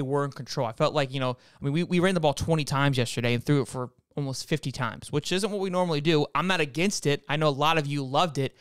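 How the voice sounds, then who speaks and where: Male fan-show host, casual football breakdown to viewers, restarts often, smooth voice, dry close recording. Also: on the high side, no room sound. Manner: animated, frequent restarts, talks straight to viewers.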